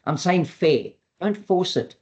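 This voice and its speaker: This dog trainer has a high voice and talks slowly during an earnest, educational webinar. He goes over his key points repeatedly and brings quoted dialogue to life with a lively delivery.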